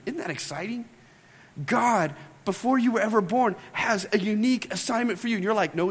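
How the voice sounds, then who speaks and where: A man's voice: high voice, big-room sound. A man preaching a sermon as pastor in a church, conversational, with playful asides to the congregation. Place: church sanctuary.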